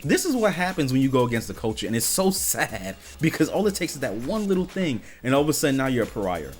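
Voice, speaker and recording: A man's voice: mid-range voice, sing-song, fast talker, soft background music. A man giving reaction commentary on clips, exasperated and incredulous, firing off rhetorical questions.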